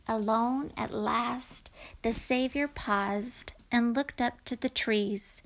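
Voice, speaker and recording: A woman reading a rhyming children's story aloud in a gentle voice that drops to whispers. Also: on the high side, takes it slowly, slight background noise.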